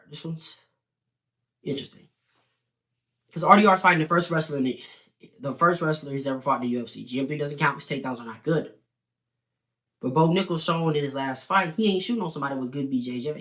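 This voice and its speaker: A young man giving opinionated, animated fight predictions in a casual video commentary. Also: on the high side. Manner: opinionated, animated, talks in quick bursts with restarts. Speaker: sports betting and fight prediction host.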